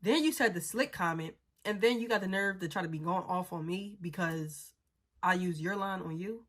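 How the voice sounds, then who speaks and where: A woman's voice: on the low side, normal speed, fairly bright tone. A young adult woman telling a story in a casual, blunt and profane way, sounding exasperated as she recounts it.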